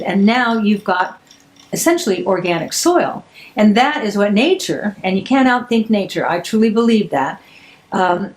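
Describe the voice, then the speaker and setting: An older woman hosting a podcast, chatting casually and telling stories with emphatic, animated delivery. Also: medium pitch, poor audio. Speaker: podcast host. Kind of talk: casual chat.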